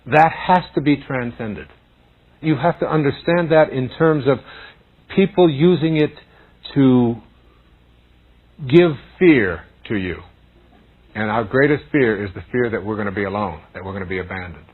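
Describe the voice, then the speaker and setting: Husky-voiced male spiritual lecturer. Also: medium pitch, lively intonation, moderate pace, pauses often. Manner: earnest, builds repeating phrases. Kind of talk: inspirational lecture. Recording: tinny phone-like lo-fi recording with faint music.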